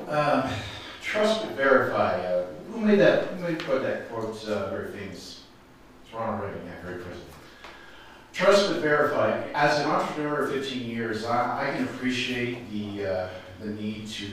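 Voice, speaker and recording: A man's voice: on the low side, a little hiss or hum. A man speaking up at a town hall, accusing the chair and repeating his demands. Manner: confrontational, accusatory, repeats himself. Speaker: resident asking a question. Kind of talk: public comment at a town hall. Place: large indoor meeting hall. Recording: echoey hall, mic far off.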